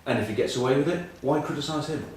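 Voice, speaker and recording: A middle-aged man from England, a rugby pundit, rambles through self-mocking rugby anecdotes in casual chat, full of ums. His mid-range voice is fast and a little mellow. He's far from the mic, the sound is very echoey, and the recording is rough.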